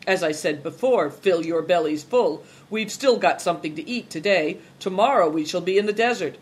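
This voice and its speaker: Greencoat, a gruff mocking man, read aloud by a narrator. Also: mid-range voice, animated, moderate pace, natural voice. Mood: loud, mocking. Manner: loud, mocking, laughing. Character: gruff insolent grown man, a boastful truck driver. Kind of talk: audiobook character reading.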